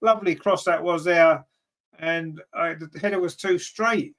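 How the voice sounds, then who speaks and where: Excitable male fan commentating a live football match. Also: moderate pace. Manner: partisan, rises sharply in pitch and volume at chances; grumbles at team choices and reads viewer comments aloud. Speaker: fan commentator and channel host.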